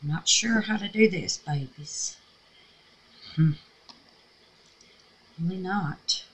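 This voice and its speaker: Slow and given to long pauses, a woman with a voice on the low side and a breathy edge leads a crafting tutorial from her home craft room, air purifier in the background. The Mississippi craft vlogger has a scratchy Southern voice, chats casually, talks to herself, and calls her viewers babies.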